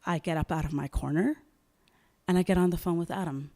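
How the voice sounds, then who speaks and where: A woman novelist tells a story at a live writers' event, animated and dramatic, acting out bits of dialogue. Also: fairly low pitch, fairly quick.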